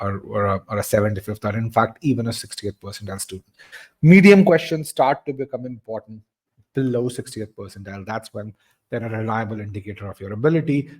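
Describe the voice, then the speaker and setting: A man teaching a live test-prep webinar, explaining in a talky way with many restarts and repeated words, and reading out and answering audience comments. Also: on the low side.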